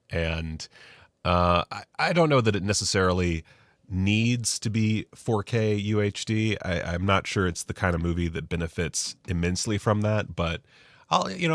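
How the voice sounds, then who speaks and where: A man with a deep, low-pitched voice hosts a casual live stream. He talks in a rambling, self-deprecating way and swears now and then. The sound is dry and close, with no room echo. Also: fairly bright tone. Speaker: host.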